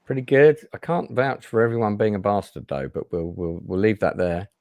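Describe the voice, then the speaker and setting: A man's voice: fairly low pitch, normal speed, a little mellow, no echo. A man hosting a casual livestream chat show, talking chattily with many fillers and restarts. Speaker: host.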